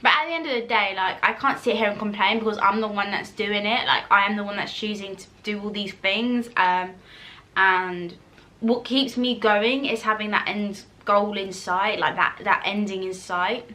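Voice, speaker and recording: A woman's voice: medium pitch, moderate pace, bright, forceful tone. A woman, chatting casually to camera as she answers viewer questions, rambling with fillers and restarts. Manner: eating while talking at times. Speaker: YouTuber.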